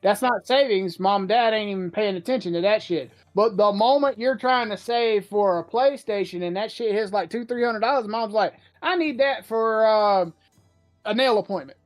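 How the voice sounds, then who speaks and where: Crude joking podcast host. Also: male voice, high-pitched, normal speed, hardly any pauses, soft background music. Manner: crude, joking, reads chat comments aloud. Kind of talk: casual podcast chat.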